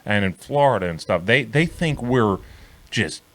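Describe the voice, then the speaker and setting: Give me a man with a fairly low voice, rambling and profane, chatting about sports on a podcast. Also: measured pace. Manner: rambling, profane, animated storytelling with many restarts. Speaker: co-host. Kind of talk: casual sports talk chat.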